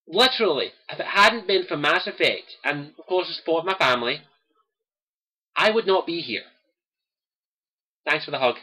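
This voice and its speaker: A young man with a Scottish accent talks straight to his stream viewers in a personal monologue. His voice sits high for a man and comes out bright and forceful. He is earnest and impassioned, returning again and again to the same phrases. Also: expressive, normal speed, pauses often, breathy edge. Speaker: host of a gaming livestream.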